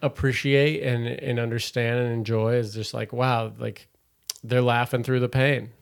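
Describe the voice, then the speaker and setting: Gravelly-voiced young man in casual chat. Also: mid-range voice, level tone, unhurried. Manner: rambling, lots of fillers and restarts. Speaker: stand-up comedian, podcast guest. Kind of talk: casual podcast conversation.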